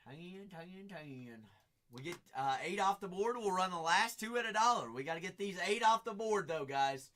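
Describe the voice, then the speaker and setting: High-pitched and animated, he talks briskly with few pauses and a sharp edge. The American host of a live card-break stream is hyping the slots still left, looping phrases and bantering casually with viewers in classic sales patter.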